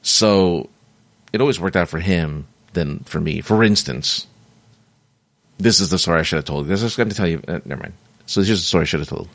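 Man, middle-aged, very deep voice, dry close sound, rambling casual monologue, self-interrupting, hiccups. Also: brisk, fairly bright tone, no room sound. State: has the hiccups. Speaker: vlogger sharing personal stories.

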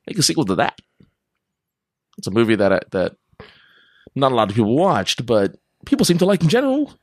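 A man's voice: mid-range voice, big pitch swings, fairly quick, no room sound, studio quality. A man hosting a podcast in a casual, rambling monologue, going off on tangents and laughing often. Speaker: podcast host.

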